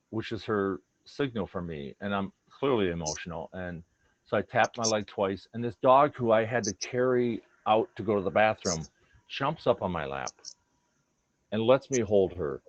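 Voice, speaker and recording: A man with a low voice tells stories about his dogs in a relaxed, earnest chat. He sometimes slips into quoted voices for his pets' thoughts. The recording is dull and lo-fi. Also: dry recording. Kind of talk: casual storytelling chat.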